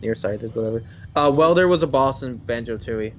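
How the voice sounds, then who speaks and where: This young man's voice is medium-pitched and fairly quick as he chats casually beside a friend who is playing a game, rambling, restarting, and correcting himself. He co-hosts a gameplay channel, recorded on a slightly dull lo-fi mic with a little hiss or hum and faint game music.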